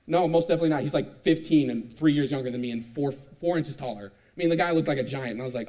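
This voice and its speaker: A young man in his twenties giving a youth sermon, telling a lively, self-mocking personal story. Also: mid-range voice, quick pace, few pauses. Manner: animated, self-mocking storytelling with frequent laughs. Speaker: youth speaker.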